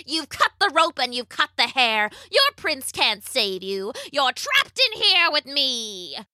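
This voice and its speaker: A woman reading a storybook aloud, voicing a spiteful old witch who chants her spells slowly and cries out shrilly. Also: high voice, very animated, bright, forceful tone, no echo, clean studio sound, pitched above the performer's own voice, full character voice. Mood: gloating. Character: spiteful old female witch clinging to stolen youth.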